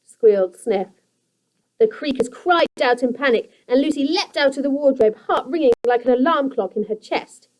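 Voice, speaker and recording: A young adult woman teacher reading a children's story aloud in a steady, expressive storytelling manner. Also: high-pitched, moderate pace, few pauses, poor audio.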